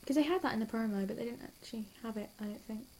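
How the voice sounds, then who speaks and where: A young woman chatting casually and excitedly about a TV episode, giggly and hyper, gushing and rambling from scene to scene. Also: a little high, slight background noise. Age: young adult. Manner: hyper, giggly and quick to gush. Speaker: TV reaction vlogger. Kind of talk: casual rambling reaction chat.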